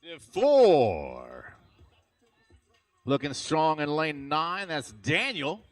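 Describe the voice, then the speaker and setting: A man's voice: a little high, wildly swooping pitch, very slow, soft background music. A man announcing a live arena fitness competition, hyped and cheering the athletes on. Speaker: event announcer. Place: large indoor arena.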